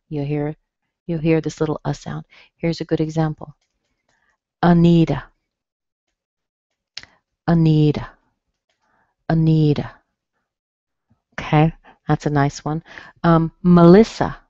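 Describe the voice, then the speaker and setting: A woman running an online pronunciation class, taking her time and saying each word twice. Her voice sits a little low and close, with no room around it. The sound is a bit dull, like webinar audio. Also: mellow, dry recording. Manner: slow, careful, repeats words for practice. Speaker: pronunciation teacher. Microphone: computer mic on a webinar.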